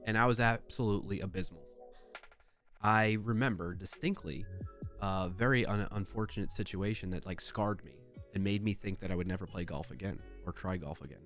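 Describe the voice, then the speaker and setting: Brief: chatty man in his thirties, lowish voice, rambling livestream anecdote, soft music under him. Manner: chatty and rambling, with fillers and restarts. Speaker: livestream host. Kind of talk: casual storytelling. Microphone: desk mic at a livestream.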